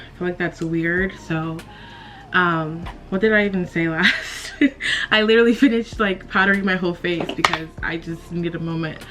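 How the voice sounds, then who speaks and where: A young beauty vlogger chats casually while doing her makeup in a get-ready-with-me video, emotional and near tears, sighing and laughing nervously. Her voice is on the low side with a fairly bright tone.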